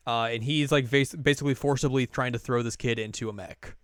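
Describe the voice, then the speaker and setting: Brief: male podcast co-host, mid-pitched, loose filler-heavy storytelling, dry close mic. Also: fairly even intonation, brisk, clean tone, dry recording. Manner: rambling, filler-heavy recap. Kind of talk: casual chat.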